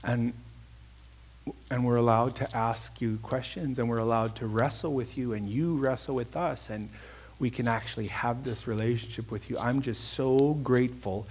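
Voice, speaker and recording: Man, preacher, husky breathy voice, earnest storytelling sermon, closing prayer. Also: medium pitch, steady tone, normal speed, darkish tone. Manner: earnest, storytelling, builds to emphatic bursts.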